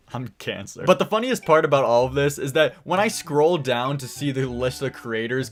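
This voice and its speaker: A man hosting his own channel, delivering a profane, rambling commentary rant and laughing often between points. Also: mid-range voice. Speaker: channel host.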